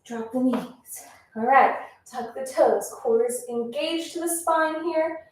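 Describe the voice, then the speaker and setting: A pilates instructor with a high voice speaks slowly, counting reps and offering encouraging cues while slightly out of breath. The workout instruction is recorded in an echoey room with the mic set at a distance.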